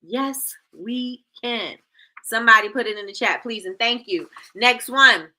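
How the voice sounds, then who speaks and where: Bright-voiced woman hosting a livestream. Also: a little high, measured pace. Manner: playful, repeats herself, addresses chat as y'all. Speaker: livestream host. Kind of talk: casual livestream coaching.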